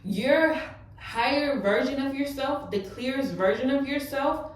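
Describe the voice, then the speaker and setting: High-voiced and unhurried, a young female vlogger pours her feelings out to viewers in a candid heart-to-heart, using plenty of casual fillers. She's recorded from a distance, off-mic, with room echo around her.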